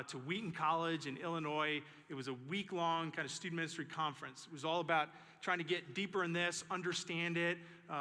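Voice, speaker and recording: A male pastor preaching a sermon in a church, telling stories in an animated way and repeating key phrases for emphasis. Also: on the high side. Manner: animated storytelling with emphatic repetition. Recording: echoey church sanctuary.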